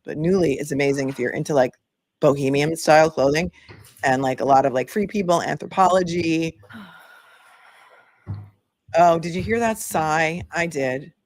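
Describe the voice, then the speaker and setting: A woman's voice: deep voice, normal speed, long pauses, a little mellow, no room sound. A woman in her forties hosting a casual livestream, chatting and reading viewer comments aloud. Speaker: legal commentary livestream host.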